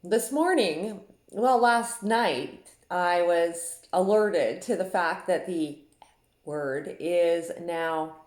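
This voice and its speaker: A woman's voice: fairly low pitch, darkish tone. A woman who runs an online group, talking in a chatty, confiding way with frequent laughs, from Saskatchewan in Canada. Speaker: Facebook group admin. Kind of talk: casual monologue. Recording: echoey room.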